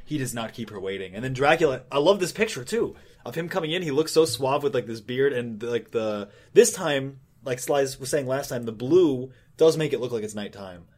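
A man's voice: medium pitch, animated, brisk, darkish tone. A man co-hosting a casual podcast, recapping a comic in a rambling way with lots of fillers. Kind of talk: casual chat, retelling a comic.

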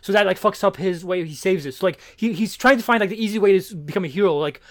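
A man with a high voice tells the story of a comic issue at a quick clip, tripping over his own words as he goes. He fills the gaps with lots of "uh" and "like" and keeps starting over in a loose, casual podcast chat. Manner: rambling, many fillers and restarts. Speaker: podcast co-host. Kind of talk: casual comic book discussion.

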